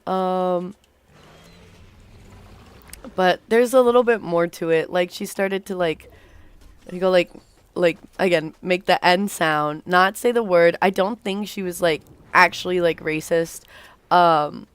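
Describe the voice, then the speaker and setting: Young woman streamer rambling a story while she plays, lowish voice, cusses a lot, lots of like. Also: slow pace, pauses often, clean tone, no room sound. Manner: rambling, filler-heavy, casual swearing. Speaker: livestreamer.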